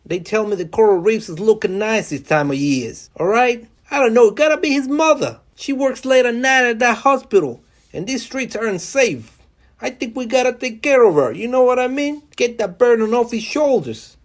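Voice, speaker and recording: A man putting on a high-pitched New York mob boss. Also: expressive, normal speed. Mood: sly, menacing. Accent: put-on New York mobster. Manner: falsely caring, sly veiled threats.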